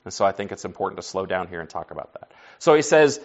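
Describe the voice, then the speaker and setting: A man's voice: deep voice, very animated, fast, muffled recording. Folksy man teaching a Bible class. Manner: asks the group questions and answers them; folksy, says y'all and like.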